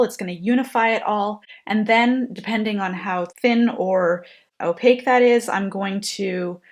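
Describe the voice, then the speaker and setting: A woman explaining a painting technique while she works, in a gentle, thoughtful way. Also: medium pitch. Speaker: painting instructor. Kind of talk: painting tutorial narration.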